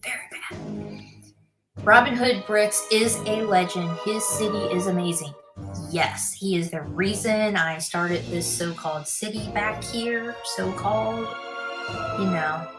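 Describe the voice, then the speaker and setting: A woman's voice: medium pitch, unhurried. Chatty woman livestreaming over music. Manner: chatty, answers viewer comments aloud; mutters to herself while building. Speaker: livestreamer building a set. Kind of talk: casual livestream chat. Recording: music playing under the voice.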